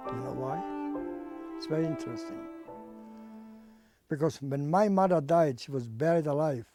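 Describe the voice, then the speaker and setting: An older man giving oral history testimony in non-native English, halting and pausing to search for words. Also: fairly high pitch, mellow, soft background music. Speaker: Holocaust survivor giving testimony.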